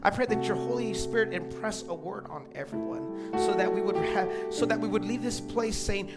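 A man's voice: high-pitched, a little fast, over loud music. A man preaching a sermon to a church crowd in a conversational way, with asides to the congregation. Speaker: pastor.

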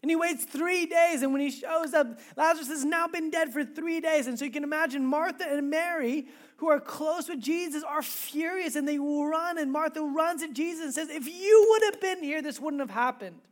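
Woman preacher, sermon delivered as casual animated storytelling, chatty asides. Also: high voice, moderate pace, few pauses.

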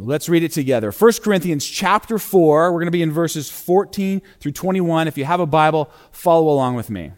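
A male pastor preaching a sermon, reading scripture aloud and stressing key words with dramatic pauses and bursts of intensity. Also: a little high.

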